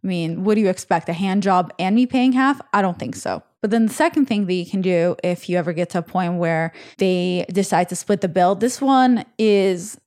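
A woman's voice: lowish voice, moderate pace, few pauses, a little mellow. A woman hosting a casual podcast, giving opinionated, frank dating advice to listeners. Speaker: podcast host.

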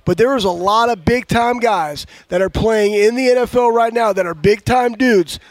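Raspy, high-voiced male ex-player turned strength coach; fast, animated storyteller, dry close mic. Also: no echo. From Texas. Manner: animated storyteller, preacher-like cadence. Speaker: former player and strength coach, panel guest. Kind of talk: casual sports chat.

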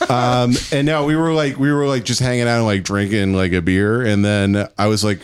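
A man's voice: medium pitch, moderate pace, clear, resonant tone. A man co-hosting a comedy podcast, telling a crude story and acting out the lines he quotes. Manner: animated, acts out quoted lines. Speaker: podcast co-host.

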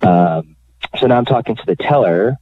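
A man being interviewed on the radio, telling his own story in a candid, animated way with many fillers. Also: on the low side, normal speed, husky. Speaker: guest telling his bank fraud story. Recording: dry phone line.

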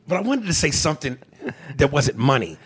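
A man co-hosting a podcast, reading a listener email and joking in casual comedic chat, laughing often and breaking into loud bursts. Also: a little high, slightly rough. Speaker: podcast co-host.

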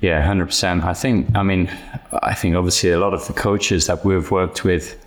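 A man in his thirties, a podcast guest chatting casually, measured and thinking aloud with frequent restarts. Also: low-pitched, steady tone.

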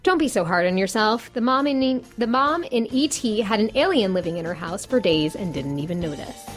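A woman's voice: mid-range voice, expressive, fairly quick, soft background music. A woman co-hosting a parenting podcast, chatting casually and reading listener stories aloud. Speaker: podcast co-host. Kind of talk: casual chat.

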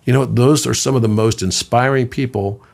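A man's voice: brisk, gravelly. A man in his fifties, a podcast guest, talking in a conversational, storytelling way, sometimes doing voices for quoted people. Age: 50s. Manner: animated storyteller, puts on high voices for quoted children.

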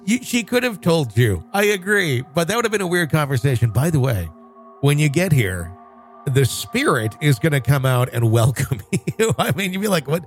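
A man hosting a podcast, responding to a listener's message in a relaxed, chatty way. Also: medium pitch. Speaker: podcast host. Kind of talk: casual chat.

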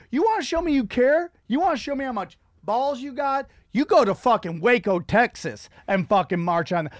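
A middle-aged man hosting a comedy podcast, ranting in a profane, rambling way with loud outbursts. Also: very high-pitched, dry recording, clean studio sound. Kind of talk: casual comedic rant.

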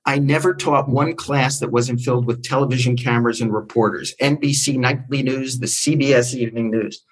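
An older man from New Jersey with a husky voice, telling animated stories as a guest and acting out the people in them. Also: fairly quick, rough recording. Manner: acts out quoted voices with big pitch jumps. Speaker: guest storyteller. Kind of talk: animated anecdotal storytelling.

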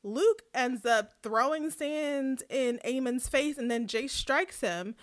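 A woman casually recapping a TV episode for a podcast, animated and laughing often as she tells it. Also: sits high, takes it slowly, dry recording, studio quality. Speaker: podcast co-host.

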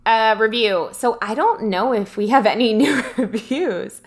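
A woman's voice: fairly high pitch, lively intonation, unhurried, background noise. A young woman co-hosting a podcast, chatting casually with lots of giggles. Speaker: podcast co-host.

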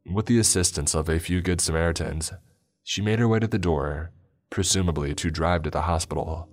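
A man narrating a first-person story in a measured storytelling delivery. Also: sits low.

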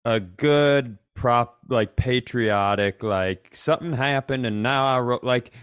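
A man's voice: medium pitch, slow pace, smooth. A man co-hosting a casual comedy podcast, joking around and sometimes breaking into an exaggerated twangy sing-along. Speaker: podcast co-host.

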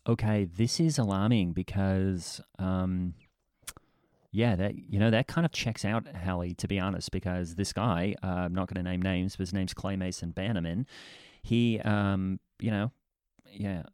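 A man's voice: deep voice, steady tone, unhurried, darkish tone, clean tone, no room sound, studio quality. A man playing an evasive husband in an improvised comedy scene, rambling and hedging. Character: evasive husband dodging questions. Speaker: co-host.

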